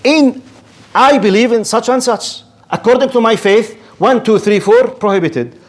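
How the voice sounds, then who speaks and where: An Islamic lecturer, a man whose first language is Arabic, delivers a religious lecture in English as a native speaker. His voice is very high-pitched and his pace moderate. He argues with animation and rhetorical flair, staging debates with imagined objectors.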